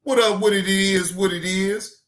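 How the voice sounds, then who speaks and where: Male host, very high and bright voice, slow heated profane rant, often yelling. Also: steady tone, roomy sound. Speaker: reaction channel host. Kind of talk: ranting commentary.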